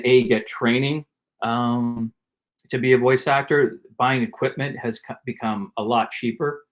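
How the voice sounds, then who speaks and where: A man guesting on a podcast, telling animated stories and acting out quotes from his work as a performer. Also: mid-range voice. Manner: animated anecdote teller who acts out quotes. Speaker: guest actor, comedian and voice actor. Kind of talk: casual interview storytelling.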